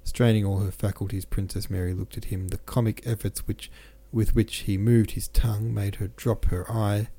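A man narrating a classic novel as a podcast host, reading in a measured way with small self-corrections. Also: fairly low pitch, level tone, warm tone, breathy edge. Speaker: podcast host and audiobook reader.

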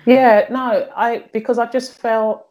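This middle-aged woman, appearing as a guest, talks frankly and earthily about her own life, repeating words as she searches for the right ones. Her voice sits on the high side, slow and darkish, with fairly even intonation, in a candid personal conversation.

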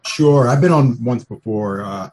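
A man's voice: medium pitch, measured pace, darkish tone. An older man from New Jersey, a guest chatting easily on a podcast. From New Jersey, United States. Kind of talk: casual podcast chat.

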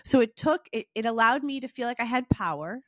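A woman's voice: a little high, lively intonation, fairly quick, dry recording, clean studio sound. A woman hosting a podcast, talking earnestly and encouragingly in a reflective self-help monologue aimed straight at the listener. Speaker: podcast host.

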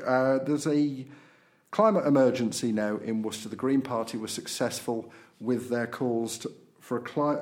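A man's voice: mid-range voice, darkish tone. A man hosting a podcast, chatting casually through local and political news with frequent fillers. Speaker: podcast host.

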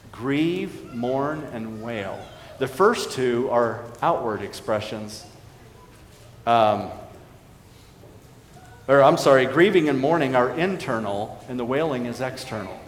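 A man preaching a sermon as a pastor, earnest and emphatic, dropping to a hushed tone on solemn points. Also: medium pitch. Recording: echoey hall reverb with faint background noise.

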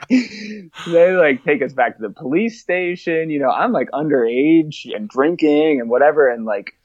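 A man's voice: fairly high pitch, animated, moderate pace, hardly any pauses, darkish tone, no room sound. A young man telling wild stories in casual chat, laughing often and swearing freely. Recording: dull, dry lo-fi sound.

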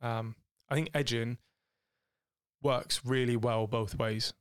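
A man's voice: medium pitch, steady tone, slow pace, clear, resonant tone, no room sound, studio quality. A man co-hosting a podcast in casual couple's chat, a joking, rambling storyteller. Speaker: podcast co-host.

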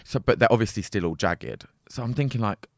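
A man's voice: on the low side, sing-song, brisk, gravelly, no room sound, clean studio sound. A man casually telling a long story, rambling with lots of fillers and frequent swearing.

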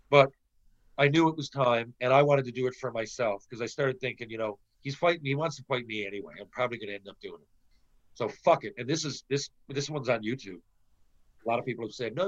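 A man's voice: mid-range voice, highs cut off. A middle-aged Canadian man, a former pro hockey player, telling a casual anecdote with plenty of swearing and acted-out quotes. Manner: animated, profane storyteller who acts out quotes.

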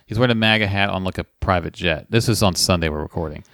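A man co-hosting a podcast in casual chat, speaking in a dry, measured way. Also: sits low, gravelly, a bit bright, dry recording. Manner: dry, measured, reads posts aloud. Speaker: podcast co-host.

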